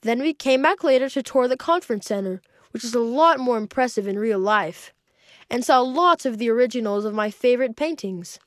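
A woman's voice: a little high, expressive, fairly quick, no echo, clean studio sound. A woman reading a magazine article aloud in a cheerful way.

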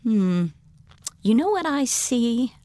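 A woman voicing a kind, patient female schoolteacher in a storybook read aloud, with a soft, coaxing manner. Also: a little high, big pitch swings, slow, no room sound. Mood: gentle. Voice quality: soft, coaxing, sing-song. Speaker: teacher character.

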